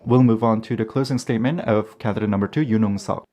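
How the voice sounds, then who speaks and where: A man's voice: fairly low pitch, steady tone, quick pace, mellow. A man giving an earnest live English interpretation of a formal debate, sometimes restarting a phrase.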